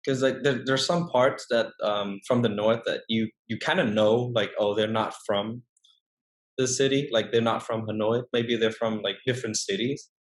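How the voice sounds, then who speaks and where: A young man from northern Vietnam with a Vietnamese accent, chatting as an interview guest, often pausing and restarting his sentences. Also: on the low side, steady tone. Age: young adult. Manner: hesitant, many restarts and fillers. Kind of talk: casual interview chat.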